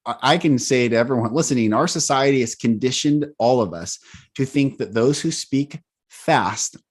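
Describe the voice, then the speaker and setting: A man's voice: medium pitch, moderate pace, breathy edge. A man hosting and coaching, talking emphatically and repeating key words as he lists them. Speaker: host, voice coach. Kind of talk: coaching conversation.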